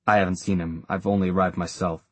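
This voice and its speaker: Guy doing a tired warlock guy, dry and flat, low husky voice. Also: quick pace, dry recording. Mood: wry.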